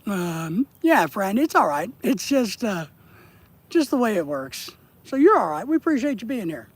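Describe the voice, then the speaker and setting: A man with a husky voice chatting casually with his viewers on a live stream while he fishes outdoors. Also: high voice, big pitch swings, measured pace. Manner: rambling, chatty, addresses viewers in chat. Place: outdoors, fishing.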